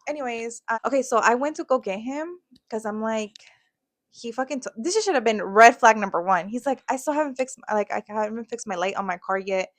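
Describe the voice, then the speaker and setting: Fast-talking profane young woman storyteller. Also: a little high, lively intonation. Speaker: podcast co-host. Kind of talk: casual chat.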